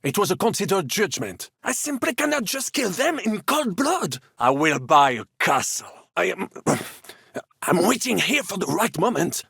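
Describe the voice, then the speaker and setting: An actor playing a flamboyant, optimistic French knight in a video game, with a French accent and a theatrical, boastful way of talking. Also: male voice, high-pitched, big pitch swings, unhurried, creaky, a bit bright, breathy edge, no echo, clean studio sound, exaggerated voice.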